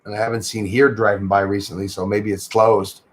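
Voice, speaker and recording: A man's voice: on the low side, flat delivery, a little fast. A man with a Québécois French accent, casually chatting with viewers and thanking them by name on his livestream. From Quebec, Canada. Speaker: livestream host. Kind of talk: casual livestream chat reading comments.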